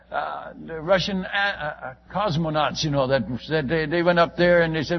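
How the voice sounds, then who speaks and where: A man's voice: on the high side, normal speed, creaky, lo-fi sound. An older man, a missionary preacher, telling a story in a sermon with earnest, self-mocking candor.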